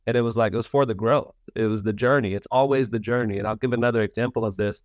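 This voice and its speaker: A man's voice: medium pitch, steady tone, fast talker, hardly any pauses, dry recording, muffled recording. A man in his thirties from the United States, a podcast guest speaking earnestly and reflectively about setbacks, often restarting his words. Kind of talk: reflective interview talk.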